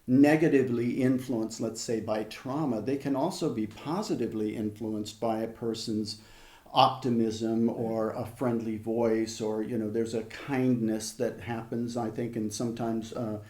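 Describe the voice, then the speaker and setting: An older man working as a hypnotherapist, telling stories in an interview in a measured, conversational way with frequent restarts. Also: mid-range voice, fairly even intonation, darkish tone, reverberant. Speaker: hypnotherapist guest. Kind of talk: reflective storytelling in an interview.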